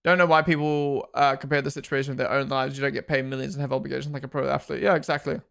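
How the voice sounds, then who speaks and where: A man's voice: mid-range voice, level tone, fast, creaky, a bit bright, clear, resonant tone. A man in his twenties with a New Zealand accent, hosting a live stream in casual chat, reading viewer comments aloud and answering them. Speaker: livestream host.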